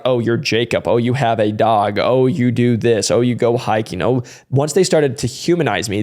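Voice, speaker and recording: A young adult man talks through sales advice in a loose, energetic monologue at an ordinary mid-range pitch. He keeps it conversational, tossing in "like" and "right?" and slipping into quick bits of sample dialogue. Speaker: sales trainer and channel host.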